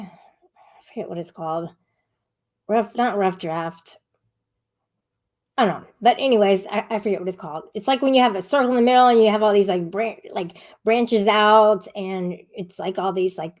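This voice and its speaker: Speaking at normal speed in a mid-range voice, this woman runs a live-stream panel. She chats casually, reads out the chat, and scolds viewers with a sharp, rambling edge.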